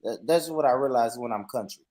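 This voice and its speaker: A man's voice: medium pitch, brisk, a little mellow. A man from Tennessee with a Southern accent, teasing and repeating himself in a casual group chat.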